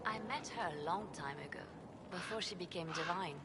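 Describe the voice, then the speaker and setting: A woman voicing a composed female spymaster in a video game, speaking in a calm, measured, quietly intense way. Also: lowish voice, over loud music, close to an everyday voice. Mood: reflective. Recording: game audio with ambient noise.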